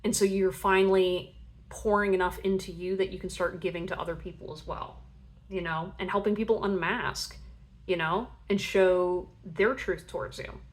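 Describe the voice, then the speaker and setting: A woman's voice: lowish voice, steady tone, moderate pace. A young woman giving a casual tarot reading, chatty and rambling with lots of fillers, often acting out playful voices for imagined people. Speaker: tarot reader.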